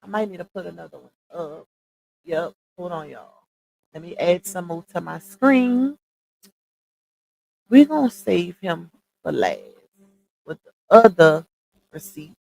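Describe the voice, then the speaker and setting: A woman's voice: on the low side, expressive, unhurried, gravelly, long pauses, a little mellow, poor audio. A woman hosting a casual livestream, chatty, calling her viewers y'all and stopping often to dig up screenshots. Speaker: livestream commentary host.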